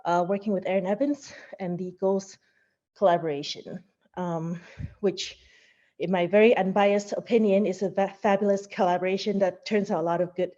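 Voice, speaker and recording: A woman's voice: medium pitch, fairly even intonation, moderate pace, mellow, dull audio. A woman hosting an online seminar, out of breath as she introduces the speaker with fillers and a light joke. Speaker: seminar host. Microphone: video call.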